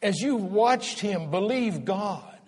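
A man's voice: high voice, expressive, slow pace, darkish tone, breathy edge, voice pushed up, full character voice. A man voicing a young man, earnest and awed, in a big echoing hall. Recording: long hall reverb.

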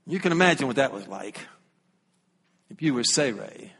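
A man's voice: medium pitch, expressive, normal speed, gravelly, a bit bright, slightly rough, long reverb tail. A man with a Southern US accent preaching a sermon as pastor, folksy and humorous, reading scripture aloud.

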